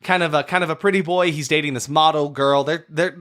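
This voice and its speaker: A man's voice: on the high side, steady tone, fairly quick, a bit bright. A man co-hosting a casual movie podcast, recapping scenes with wry asides. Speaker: podcast co-host. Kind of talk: casual movie review chat.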